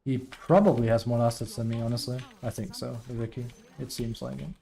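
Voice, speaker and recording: Streaming a team game, a man comments as he plays, frustrated and often venting about a teammate, sometimes trailing off under his breath. His medium-pitched voice is creaky and dark, with little pitch movement and a fairly quick pace.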